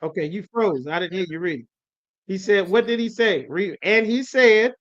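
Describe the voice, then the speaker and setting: High-voiced man teaching a livestream class. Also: normal speed, a bit bright. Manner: calls on students, chiding and coaxing, slangy. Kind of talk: live online class, casual preaching. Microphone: video call. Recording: lo-fi livestream audio.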